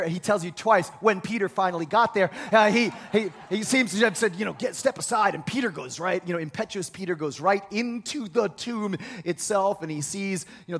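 A man preaching a sermon, retelling a scripture story with lively acted-out quotes and frequent restarts. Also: sits high. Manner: animated storytelling, acts out quoted voices, many restarts.

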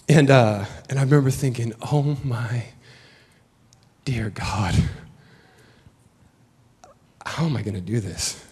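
Pastor, male, 30s, relaxed storytelling sermon delivery, mid pitch. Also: husky. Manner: casual, storytelling, joking asides.

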